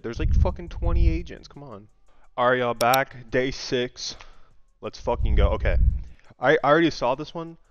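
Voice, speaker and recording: A young man casually vlogging a daily guessing game, thinking aloud, excitable and swearing freely. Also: on the low side, smooth, no room sound. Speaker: gaming content creator. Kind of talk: casual gaming vlog commentary. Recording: dry, slightly muffled home mic.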